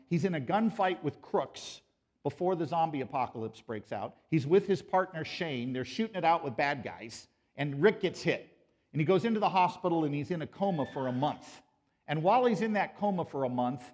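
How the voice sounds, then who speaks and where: A man giving an animated lecture at a conference, joking with and quizzing a live audience. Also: a little high. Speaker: conference speaker. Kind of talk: pro-life apologetics lecture.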